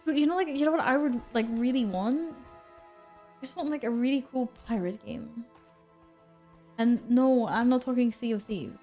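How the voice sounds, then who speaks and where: A woman's voice: fairly high pitch, moderate pace, a little mellow, soft background music. A woman streamer chatting casually while she plays a game, reading out and answering her chat and laughing often.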